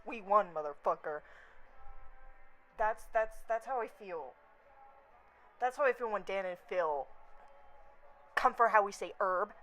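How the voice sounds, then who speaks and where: A young woman rambles through a casual vlog in an animated, off-the-cuff way, swearing freely. She keeps slipping into quick impressions as she goes. Her voice sits at an ordinary middle pitch. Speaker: vlogger.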